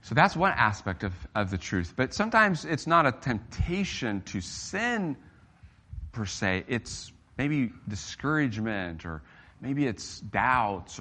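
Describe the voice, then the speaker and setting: A middle-aged man delivers a sermon, earnest and emphatic. His tone is bright and forceful, with a mid-range pitch. He lifts his voice for key points and drops it low for others. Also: very animated, unhurried. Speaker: preacher.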